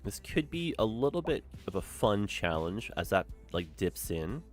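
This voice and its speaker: A man with a lowish voice chats his way through a city-building stream, his pitch swinging widely between mumbled asides and loud outbursts. Faint music plays behind him. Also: very animated, normal speed. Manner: chatty, easily distracted, dramatic exclamations. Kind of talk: casual gameplay commentary.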